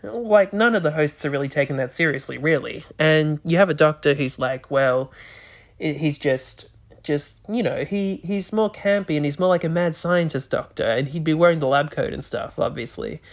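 Rambling man with a gravelly voice. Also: fairly high pitch, normal speed. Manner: rambling, hesitant, many restarts. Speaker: podcast host. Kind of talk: casual chat.

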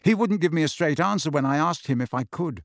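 A man voicing a quiet, troubled teenage boy who speaks in a subdued way. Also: animated, a little fast, no echo, studio quality. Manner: subdued, low-key.

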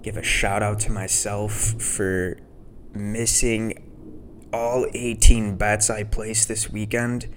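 A man's voice: on the low side, flat delivery, slow, slight background noise. A man hosting a podcast, telling stories in a laid-back, rambling way with casual swearing. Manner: laid-back, profane, storytelling. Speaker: podcast host.

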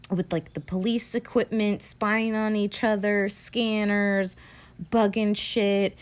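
A woman's voice: medium pitch, steady tone, slow. A woman hosting a podcast, recapping a film in a rambling, casual way with lots of fillers and swearing. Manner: rambling, profane, filler-heavy. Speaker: podcast host.

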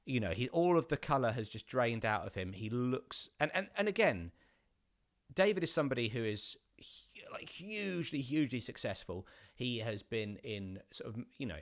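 A man's voice: mid-range voice, normal speed. Rambling man telling a story. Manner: rambling with many restarts, rising to animated outbursts. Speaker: actor. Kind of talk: casual anecdote on a podcast.

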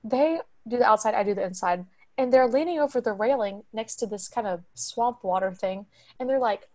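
A woman's voice: fairly high pitch, a little fast, a little mellow. Chatty young woman storyteller. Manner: chatty, acts out quoted voices. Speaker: podcast co-host. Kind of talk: casual podcast storytelling.

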